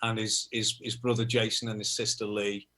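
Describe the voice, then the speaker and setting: A man from Liverpool with a Liverpool accent, a musician guest telling anecdotes in a relaxed, self-deprecating way. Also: lowish voice, moderate pace. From Liverpool, England. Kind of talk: casual interview chat.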